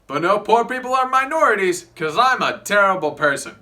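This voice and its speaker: A man voicing an arrogant, hot-tempered rich young husband in a student comedy play, loud and blustering. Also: sits high, animated, brisk, far from the mic. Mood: pompous. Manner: loud, blustering, shouting outbursts.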